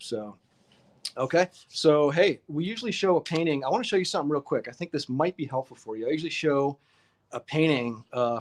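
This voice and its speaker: A man hosting a casual live-stream painting lesson, chatty and upbeat, greeting viewers in the chat by name. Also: medium pitch.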